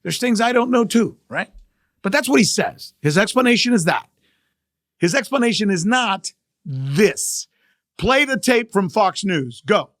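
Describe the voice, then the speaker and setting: A middle-aged male journalist hosting a podcast, giving emphatic, animated news commentary and repeating key phrases for effect. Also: sits high, unhurried, no echo, clean studio sound.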